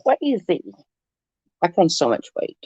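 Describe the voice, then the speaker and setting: A woman's voice: lowish voice, big pitch swings, unhurried, mellow, breathy edge, dry recording. A woman chatting to viewers on a casual late-night livestream from her bed, rambling and swearing freely.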